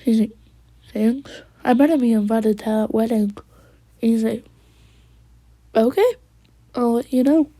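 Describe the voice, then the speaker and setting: Slow, dry-sounding woman, slightly high voice, casual storyteller who drops into whispers. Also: dark tone, dry recording. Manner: rambling, quoting characters with "he's like". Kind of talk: casual fan story retelling.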